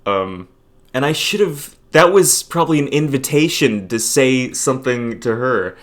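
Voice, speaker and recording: A man's voice: mid-range voice, lively intonation, unhurried, a bit bright. A man in his twenties rambling hesitantly and self-deprecatingly in a casual confessional vlog. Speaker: vlogger.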